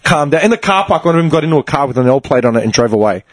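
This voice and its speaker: A man's voice: mid-range voice, expressive, racing. A man, telling a profane, laugh-filled story in casual chat. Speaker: storyteller among friends.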